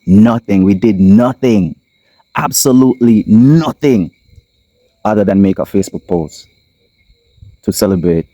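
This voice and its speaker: A man with a Kittitian accent hosting his own channel, giving impassioned solo commentary, repeating his points and slowing down to stress them. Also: sits low, mellow, no room sound, dull audio. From Saint Kitts. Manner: emphatic, repeats lines, slows for stress. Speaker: channel host. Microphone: camera mic.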